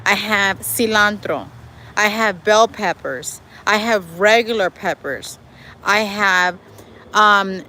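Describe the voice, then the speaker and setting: Out in her backyard, a woman runs a casual livestream, reading viewer comments aloud and chatting with them in a lively way, calling them y'all. Her voice is medium-pitched and slow, and the low-quality recording picks up faint outdoor noise and traffic.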